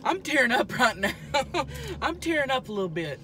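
A woman's voice: high voice, sing-song, moderate pace, fairly bright tone, a little hiss or hum. Woman playing a brash trailer-park gal. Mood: boastful. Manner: brash, crude, chews noisily while talking. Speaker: mukbang vlogger character. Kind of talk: improvised character comedy. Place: inside a car.

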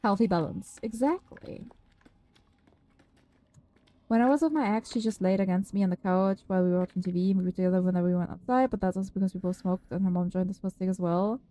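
A woman's voice: medium pitch, fast, dark tone, no echo, poor audio. A woman live-streaming a horror game, chatting with viewers, swearing freely and shrieking at scares.

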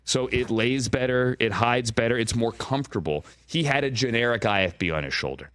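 A man's voice: medium pitch, brisk, a bit bright, smooth, no echo. Chatty man, dry studio sound. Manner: rambling storyteller, mimics on-air voices, frequent "right?". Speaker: guest broadcaster. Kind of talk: animated casual studio chat. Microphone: studio mic with earpiece.

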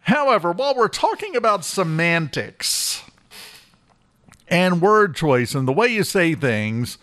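A man's voice: high-pitched, sing-song, measured pace, a bit bright, dry recording. A man hosting a talk radio show in a studio, delivering a blunt, sarcastic opinion monologue with emphatic repetition.

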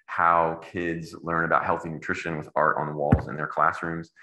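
A man's voice: extremely low pitch, echoey room, background noise. A middle-aged man giving a medical lecture in a casual, digressive way with wry asides. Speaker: anesthesiologist giving grand rounds.

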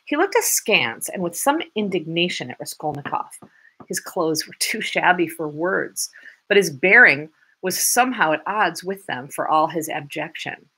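A woman reading a classic novel aloud with expressive, dramatic narration. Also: fairly low pitch, normal speed, breathy edge.

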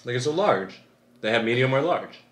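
A man's voice: medium pitch, lively intonation, a little fast, a bit bright, echoey room. A man giving laid-back, short plain answers in casual chat with his girlfriend. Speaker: boyfriend.

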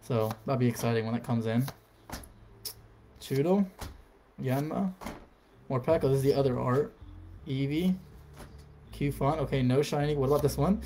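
A man's voice: medium pitch, moderate pace, pauses often, slight background noise. Casual young man opening card packs. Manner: casual, calls out cards, bursts into excited shouts and laughs. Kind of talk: live card pack opening.

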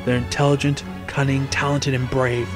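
A man voicing an old, wise male headmaster who speaks softly, measured and solemn. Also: medium pitch, little pitch movement, music in the background, close to an everyday voice.

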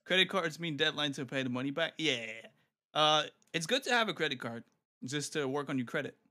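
A man's voice: a little high, animated, fairly quick, pushed and bright. A man chatting playfully with a friend during a casual game stream, laughing often. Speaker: guest streamer. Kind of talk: casual gaming stream chat.

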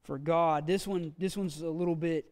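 A man teaching a Bible language class in a church classroom, folksy and halting, with frequent fillers and restarts. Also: fairly high pitch, fairly even intonation, darkish tone. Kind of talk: classroom lecture. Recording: long reverb from a hall.

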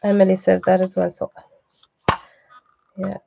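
A woman's voice: mid-range voice, monotone, unhurried, creaky, lo-fi sound, background noise. A woman hosting a live online craft class, chatty and reassuring, breaking off for asides to the person behind the camera. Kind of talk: live craft tutorial, casual chat.

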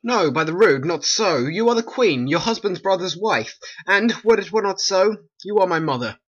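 A performer voicing a brooding, vengeful young prince in an amateur animated play, reading the old verse earnestly. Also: medium pitch, normal speed, slightly rough, highs cut off. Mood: accusing.

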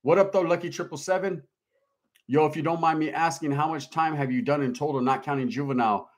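A man's voice: a little high, fast talker. A middle-aged man hosting a casual livestream, reading viewer comments aloud in a laid-back, slangy, streetwise way. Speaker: livestream host reading chat. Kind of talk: casual live-stream chat.

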